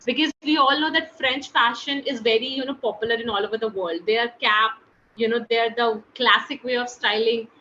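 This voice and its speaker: A woman's voice: on the high side, normal speed, bright, forceful tone, dull audio, a little hiss or hum. A woman teaching a French class online in a chatty way, often calling the students guys, heard over a computer mic on a video call. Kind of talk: online language webinar.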